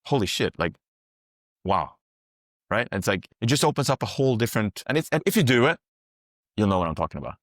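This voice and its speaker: A man's voice: on the low side, very animated, fast talker, long pauses, no echo, studio quality. A man working as a psychedelic guide, talking casually on a podcast, explaining things through long rambling metaphors and swearing freely.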